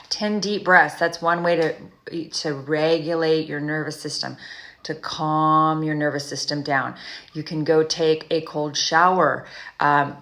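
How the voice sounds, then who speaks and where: Chatty woman coach with a bright voice. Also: sits low, steady tone. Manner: rambling, self-correcting, frequent "you know" and "right?"; slow, soothing guided breathing. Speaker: trauma recovery coach. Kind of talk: casual advice monologue to camera.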